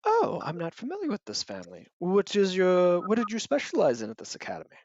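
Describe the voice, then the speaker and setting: A woman voicing a haughty, prim noblewoman who speaks in a snooty, drawn-out way. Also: on the low side, huge pitch swings, darkish tone, dry recording, muffled recording, voice pushed up. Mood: polite.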